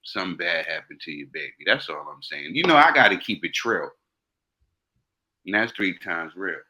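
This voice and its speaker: A man on a casual podcast speaks in a lowish voice with a bright edge, giving earnest advice. He repeats himself for emphasis and preaches a little. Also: very animated, normal speed, rough recording. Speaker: co-host.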